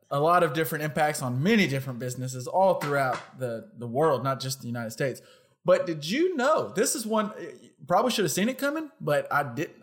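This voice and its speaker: A man's voice: fairly high pitch, a bit bright. A young man co-hosting a podcast in casual chat, talking in a loose, self-correcting way and laughing often. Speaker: podcast co-host.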